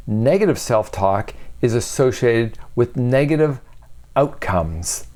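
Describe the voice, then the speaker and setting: An earnest man speaks at an ordinary, mid-range pitch as he delivers a self-help talk. He leans on key words with emphasis and keeps asking the listener rhetorical questions. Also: darkish tone. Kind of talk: motivational talk.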